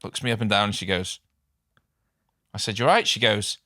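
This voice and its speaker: A man hosting a casual chat show, telling animated stories with laughter and some swearing. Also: medium pitch, moderate pace, long pauses, no room sound, studio quality. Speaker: podcast host.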